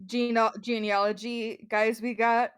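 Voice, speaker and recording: A woman's voice: fairly high pitch, flat delivery, slow, clear, resonant tone. A woman playing in a tabletop game, hesitant and full of fillers. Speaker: player.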